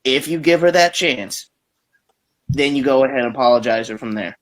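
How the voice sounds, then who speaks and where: A man's voice: medium pitch, normal speed. Man pressing direct questions. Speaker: panel participant.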